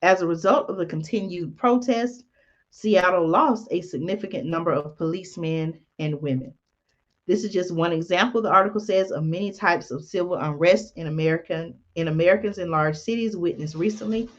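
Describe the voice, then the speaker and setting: A woman's voice: lowish voice, fairly quick, highs cut off. A woman host reading from an article and adding folksy comments, with many ums and "y'all". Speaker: channel host.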